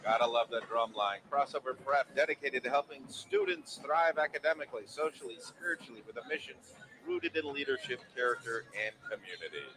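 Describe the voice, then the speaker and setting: A man's voice: medium pitch, a little fast, noisy background. A man co-hosting live commentary at an outdoor holiday parade, reading upbeat scripted introductions. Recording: outdoor broadcast with band music behind.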